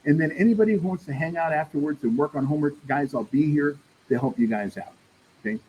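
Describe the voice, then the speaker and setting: A man with a fairly high voice talks fast while teaching a math class, keeping it casual and chatty, calling the students "y'all" and often checking in with "right?" to make sure the room is with him. The recording is muffled, with a little background noise.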